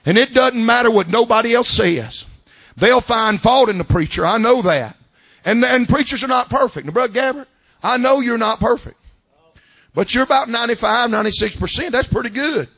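High, bright preacher man. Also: moderate pace, dry recording. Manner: folksy preaching, swings from loud shouted climaxes to quiet asides. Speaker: pastor. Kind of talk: sermon. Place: church service.

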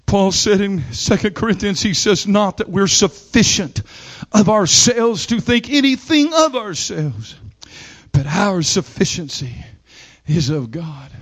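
A man preaching a sermon, moving from slow, low passages to loud, shouted climaxes and calling on the congregation to answer him. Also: big pitch swings. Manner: calls on the congregation to repeat and respond. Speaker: pastor.

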